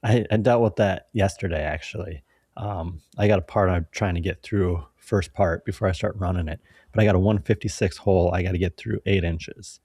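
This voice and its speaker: A machinist and podcast host telling a story bluntly and profanely in a casual conversation. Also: male voice, sits low, fairly even intonation, fairly quick, a little mellow, breathy edge, dry recording, studio quality.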